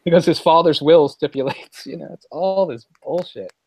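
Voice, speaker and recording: A man's voice: a little high, moderate pace, darkish tone, husky, no echo, rough recording. A man in casual podcast chat, rambling with many fillers and sounding exasperated. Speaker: podcast co-host.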